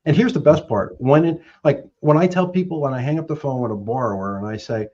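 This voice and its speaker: A middle-aged man, a mortgage professional, giving animated sales advice and acting out both sides of phone calls. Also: mid-range voice, quick pace, hardly any pauses, lo-fi sound. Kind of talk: animated sales coaching talk.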